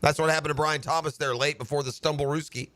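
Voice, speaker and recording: A man hosting sports talk radio from a studio mic, breaking down a game in an animated rant that climbs into shouting. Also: fairly high pitch, fast talker, no echo. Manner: animated ranting, building to shouts. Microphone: studio broadcast microphone.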